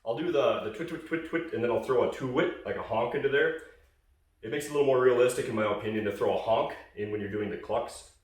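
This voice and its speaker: A man's voice: mid-range voice, quick pace, very echoey, distant mic. A man casually explaining goose calling in a hunting call tutorial, rambling with fillers and restarts.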